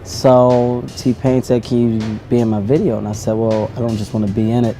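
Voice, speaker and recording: A man giving a deadpan, mock-serious interview answer in a comedy bit. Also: mid-range voice, moderate pace, faint music behind. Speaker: interview guest.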